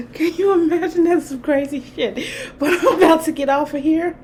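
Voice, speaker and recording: Hosting her own spiritual channel, this woman chats through a personal story with frequent laughter and lively quoted reactions. Her high voice is a little mellow and moves at a moderate pace, with slight background noise.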